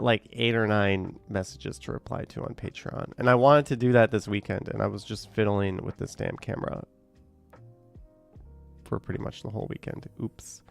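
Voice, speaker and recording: Gravelly-voiced man rambling on a stream. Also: fairly low pitch, no echo. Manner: rambling and hesitant, trails off with fillers. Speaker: live streamer reading viewer chat. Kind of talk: casual live-stream chat.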